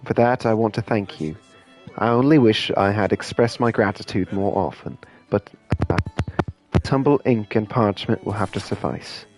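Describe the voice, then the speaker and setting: A man reading as a solemn, halting wizard. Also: lowish voice, over music, close to an everyday voice. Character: earnest wizard writing a farewell letter.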